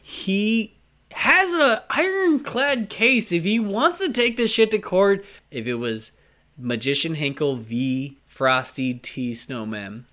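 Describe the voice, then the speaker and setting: A man's voice: high-pitched, very animated, takes it slowly, bright, forceful tone. Joking man chatting on a podcast. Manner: laughing, joking, puts on silly voices. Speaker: podcast co-host. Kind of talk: casual chat.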